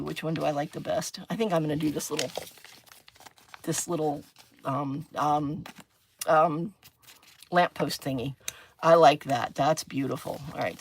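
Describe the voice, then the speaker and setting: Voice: medium pitch, creaky, slight background noise. A middle-aged crafting host chatting casually on a livestream while working. Chatty and giggly, with frequent exclamations.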